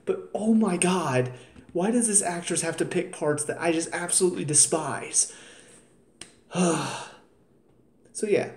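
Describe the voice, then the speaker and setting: Speaking at a measured pace with frequent pauses, a man with a high, darkish voice reviews a TV episode casually. He's tired, exasperated, and sarcastic, ranting with asides, in a recording with roomy echo and faint ambience.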